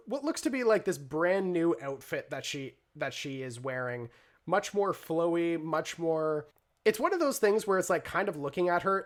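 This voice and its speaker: A man narrating a tabletop role-play game as game master, relaxed and rambling, with lots of fillers. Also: on the high side.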